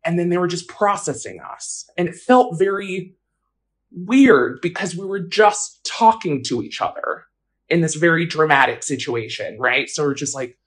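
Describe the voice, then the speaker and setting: A woman's voice: on the low side, lively intonation, normal speed. Candid woman recounting events, lots of fillers. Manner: casual, frequent fillers, candid and blunt. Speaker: interviewee. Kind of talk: personal account in an interview.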